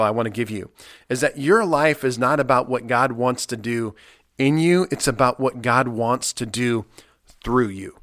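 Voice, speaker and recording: An earnest man delivers a podcast sermon in a middle-pitched voice. He preaches with emphasis and comes back to key phrases again and again. The recording is dry and close, with no room echo. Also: fairly bright tone. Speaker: pastor.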